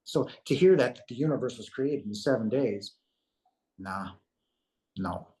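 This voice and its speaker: A man's voice: medium pitch, animated, a little slow, dark tone. A man telling a personal spiritual story in a rambling, earnest way, acting out the dialogue. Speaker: guest telling his near-death story. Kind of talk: casual storytelling.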